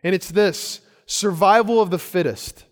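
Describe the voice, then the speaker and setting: A man preaching a sermon with a high, light voice. He speaks earnestly, doubling back on his words as he builds each point. The sound rings with the long reverb of a big hall. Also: a little slow. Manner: earnest preaching with repeated phrases and restarts. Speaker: pastor.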